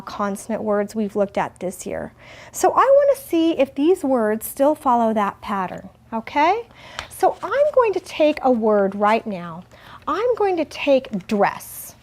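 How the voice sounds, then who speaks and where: A woman teaching a first grade phonics lesson, asking gentle questions and stretching out words slowly. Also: on the high side. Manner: slow, exaggerated word modeling.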